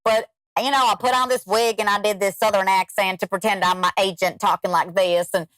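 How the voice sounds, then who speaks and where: A woman guest on a podcast, telling stories in animated, casual chat with quick asides. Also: mid-range voice, no room sound.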